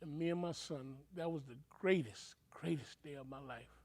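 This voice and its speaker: Older preacher guy telling his story, kinda high voice, gets emotional, does voices. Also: moderate pace. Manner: emotional, acts out quoted voices. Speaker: reverend. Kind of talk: personal storytelling.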